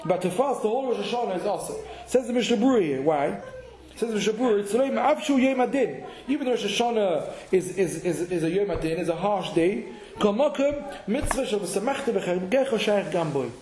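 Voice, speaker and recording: A Torah teacher with a fairly high voice delivers a brisk halachic lesson, thinking aloud and repeatedly restarting and repeating words. His speech is full of Hebrew and Yiddish terms, the room echoes, and a crowd can be heard in the background.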